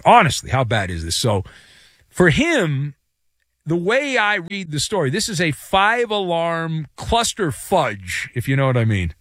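A man's voice: fairly high pitch, wildly swooping pitch, measured pace, fairly bright tone, no room sound, studio quality. A man giving a theatrical, jokey solo sports commentary with big vocal swings.

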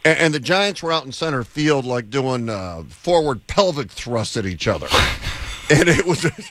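Male radio host, animated pitch, chuckling storyteller. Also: normal speed. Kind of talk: sports radio chat.

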